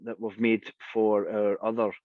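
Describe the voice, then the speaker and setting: Scottish man telling lively stories. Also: fairly low pitch, unhurried, no room sound. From Scotland. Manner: lively anecdotal storyteller, acts out quoted voices. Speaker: singer and interview guest. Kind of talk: casual storytelling interview. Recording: dry, dull lo-fi sound.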